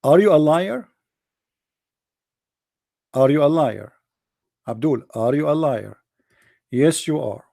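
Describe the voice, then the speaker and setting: Brief: male debate streamer, higher-pitched, mocking and confrontational, dry close sound. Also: expressive, slow, vocal fry, pauses often, dark tone, no echo. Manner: sarcastic, taunting, direct address to opponents. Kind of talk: mocking live-stream polemic.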